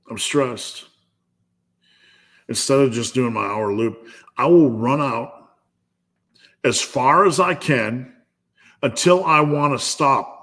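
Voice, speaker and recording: A man's voice: mid-range voice, slow pace, long pauses, a bit bright. A man hosting a live fitness Q&A, giving a blunt, profane pep talk. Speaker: fitness channel host.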